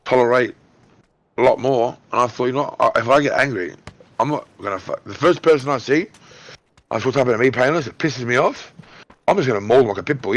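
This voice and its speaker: Loud, excitable Australian man. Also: medium pitch. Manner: loud, excitable, heavy swearing. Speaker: gamer on voice chat. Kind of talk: casual chat telling a story mid-game.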